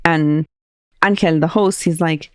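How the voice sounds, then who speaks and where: A woman's voice: low voice, steady tone, measured pace, a little mellow, clear, resonant tone, no echo, studio quality. A woman co-hosting a podcast, casually retelling a creepy radio call and translating its quotes. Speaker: podcast co-host. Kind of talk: casual storytelling chat.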